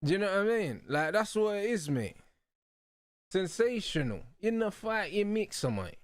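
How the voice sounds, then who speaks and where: A young man hosting a live football watch-along, talking excitedly in heavy slang and laughing loudly. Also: high voice, moderate pace, no echo, clean studio sound. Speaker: host.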